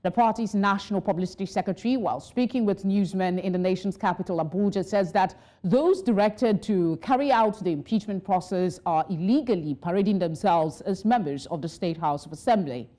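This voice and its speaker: A woman anchoring a television newscast, reading the stories in a formal, measured way. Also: medium pitch, mellow. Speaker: news anchor. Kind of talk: scripted news reading. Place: news studio.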